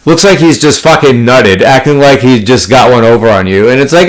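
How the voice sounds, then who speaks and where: A man's voice: medium pitch, big pitch swings, moderate pace. A man telling a poker story in a casual, blunt, profanity-heavy monologue, full of card jargon and rambling restarts. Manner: profane, blunt, exasperated ranting. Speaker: poker player vlogger.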